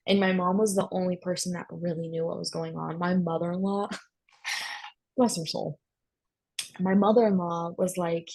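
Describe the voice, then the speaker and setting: Young woman guest, low and husky with some fry, candid and casual, lots of fillers. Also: steady tone, a little slow, poor audio. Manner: candid, talks in bursts with many fillers. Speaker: guest sharing her story. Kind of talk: casual personal storytelling.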